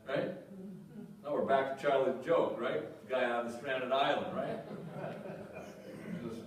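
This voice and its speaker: Speaking at an unhurried pace with a mid-range voice and fairly even intonation, this pastor gives a conversational sermon, asking his congregation questions and circling back to repeated phrases. It's recorded in an echoey church sanctuary from a distant microphone.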